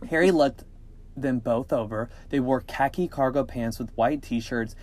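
A male podcast co-host reads creepy encounter stories in a mid-pitched, everyday voice. He keeps stepping out of the text for cheeky, joking asides, and his reading stays lively and casual. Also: unhurried. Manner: jokey, animated, breaks into laughter and cheeky asides.

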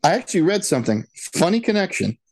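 A co-host in a casual chat, animated and fond of silly voices. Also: mid-range voice, fast. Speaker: podcast co-host.

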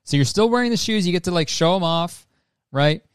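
A man's voice: high-pitched, animated, brisk, smooth, dry recording, studio quality. A man hosting a podcast in casual, rambling chat, swearing freely and laughing often. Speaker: podcast host.

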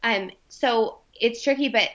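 A young adult woman tells a personal story in casual conversation, animated and emotional, and slips into the voices of the people she quotes. Her voice sits a little high with a bright, forward tone. The recording sounds dull and lo-fi. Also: unhurried. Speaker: podcast guest.

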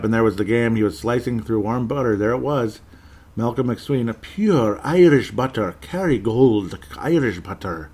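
Rambling, chuckling male podcast host. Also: on the low side. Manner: rambling, chuckling, self-correcting. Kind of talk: casual chat reading listener comments.

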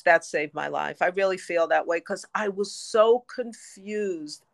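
A woman telling her own story as a podcast guest, lively and quick to laugh. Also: medium pitch, dry recording. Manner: lively, laughs often between phrases. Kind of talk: storytelling in interview.

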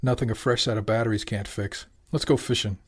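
A man's voice: lowish voice, steady tone, brisk, slightly rough. A man voicing a wry young woman deckhand.

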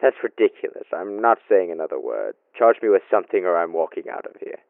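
A man playing a gravelly, stammering suspect. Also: low-pitched, sing-song, fast, no echo, phone-quality sound, heavily acted. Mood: defensive. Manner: blustering, stammering denials. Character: defensive middle-aged male landlord suspect. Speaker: suspect under interrogation.

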